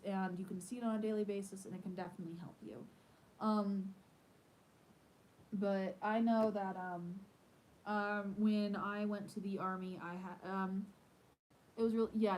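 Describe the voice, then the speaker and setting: A woman talks casually to viewers on a live stream from her home. Her voice is mellow and warm, and she rambles along with plenty of fillers, sounding off the cuff. A faint rumble hums in the background. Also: poor audio. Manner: rambling and chatty, many fillers. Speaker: homesteader hosting a live stream. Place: at home in the evening.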